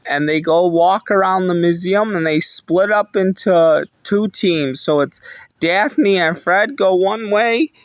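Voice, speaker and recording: A man with a fairly high voice retells a cartoon episode in unhurried, rambling fashion. He strings events together plainly, one after another. The sound is close and dry, with no room around it. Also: no room sound, rough recording. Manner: rambling, plain storytelling with many "and" links.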